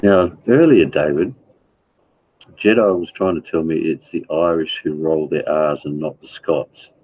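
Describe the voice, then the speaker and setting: Very deep husky man, tinny. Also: a little slow, darkish tone. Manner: rambling, addresses chatters by name. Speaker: livestreamer. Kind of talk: casual chat with live viewers. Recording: tinny phone-like sound.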